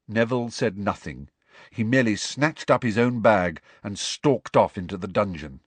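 A man narrating a novel aloud with measured, expressive pacing. His voice sits on the low side, and the recording is dry and close with no room sound. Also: breathy edge, dry recording. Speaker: audiobook narrator. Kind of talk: audiobook narration.

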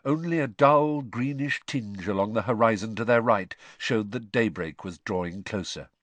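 A man reading a story aloud in an expressive, animated way. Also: fairly low pitch, moderate pace, no room sound. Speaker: narrator. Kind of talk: audiobook narration.

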